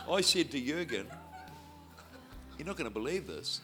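An evangelist preacher on a stage before a crowd, his voice a little high and his pace normal, tells a lively story and acts out the voices as an animated storyteller. The sermon ends with him praying loudly and fervently over the crowd while music plays behind.

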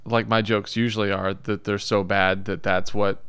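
A man's voice: lowish voice, flat delivery, normal speed, fairly bright tone, clear, resonant tone, no room sound. A man co-hosting a casual comedy podcast, talking in a rambling, self-deprecating way. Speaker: podcast co-host.

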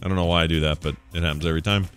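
Low-voiced man hosting a jokey podcast. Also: fairly even intonation, very fast, a bit bright, clear, resonant tone. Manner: jokey, rambling, laughs often. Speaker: podcast host. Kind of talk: casual chat.

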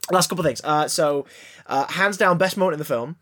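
A man's voice: fairly high pitch, a little fast. Rambling man on a podcast. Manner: rambling, stammering restarts, deadpan jokes. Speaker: podcast co-host. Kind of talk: casual banter about films.

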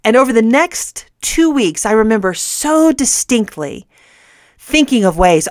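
A woman's voice: a little high, animated, takes it slowly, dry recording, studio quality. A middle-aged woman hosting a Christian radio show, telling a personal story earnestly and often laughing mid-sentence.

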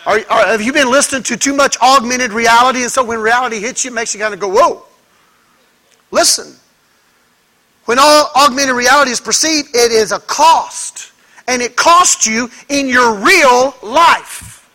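A man's voice: very high voice, moderate pace, sharp tone. A man preaching a sermon as a pastor. He speaks with emphasis and asks the congregation rhetorical questions.

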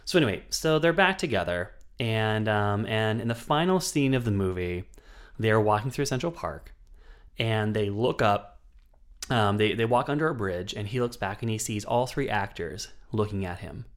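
A man's voice: fairly low pitch, animated, moderate pace. A man co-hosting a podcast, casually retelling a film's plot with lots of ums and asides. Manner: rambling plot retelling with many fillers. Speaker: podcast co-host. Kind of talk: casual chat.

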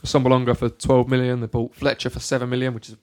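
A man's voice: medium pitch, little pitch movement, quick pace, darkish tone. Man hosting a casual football chat. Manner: leads the talk, runs through fixtures with dry opinions. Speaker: podcast host.

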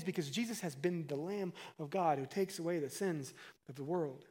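Animated preacher man, slightly high voice. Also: normal speed, husky. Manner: animated, conversational preaching with dramatic swings in loudness. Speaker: pastor. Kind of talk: sermon.

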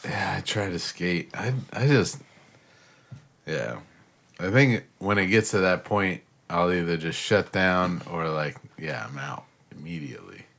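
Deep, husky, slow-talking man. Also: lively intonation, fairly bright tone. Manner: laid-back, short agreeing replies. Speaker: podcast co-host. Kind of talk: casual chat.

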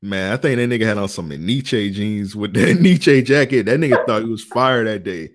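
A man's voice: fairly low pitch, animated, normal speed. A man co-hosting a podcast, telling loose slangy stories and laughing often between lines. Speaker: podcast co-host. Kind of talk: casual podcast banter.

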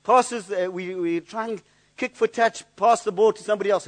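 Speaking at a moderate pace, this high-voiced pastor delivers a sermon earnestly, as if searching aloud. Words get repeated frequently as he reaches for what comes next.

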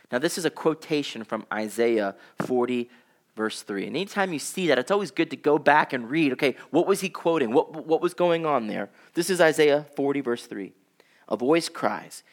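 A man, preaching a sermon in a conversational way, with fillers, dropping his voice low when he reads scripture. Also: very animated, normal speed, fairly bright tone. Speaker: pastor.

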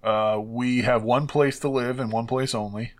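A man's voice: mid-range voice, steady tone, normal speed. A man co-hosting a casual podcast, chatting loosely with a friend, laughing often and restarting his sentences. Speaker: podcast co-host. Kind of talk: casual chat over drinks.

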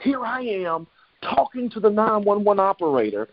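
High-voiced preacher on a lo-fi line. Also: male voice, very animated, normal speed, no echo, faint music behind. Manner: repetitive, rhythmic preaching cadence. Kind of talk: sermon with storytelling.

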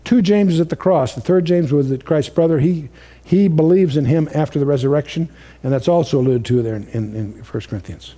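A man's voice: on the high side, brisk, dark tone. A man preaching a sermon in a conversational, storytelling way, asking the audience questions.

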